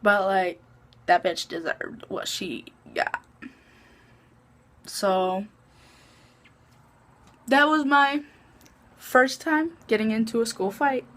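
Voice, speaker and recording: A woman's voice: fairly high pitch, slow pace, pauses often, a bit bright. A woman vlogger casually telling a personal story, chatty, full of "like" and swearing freely.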